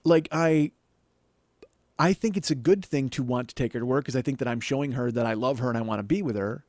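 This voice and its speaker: With a medium-pitched, slightly mellow voice and a slightly fast pace, this forties-aged podcaster spins a comedic storytelling monologue. He rambles, mocks himself, and swears freely, on a dry recording.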